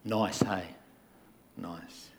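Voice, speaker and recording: A man's voice: low voice, steady tone, extremely slow, background noise. A man, preaching a sermon in a conversational way and acting out the people he describes. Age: 50s. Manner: conversational, acts out quoted voices.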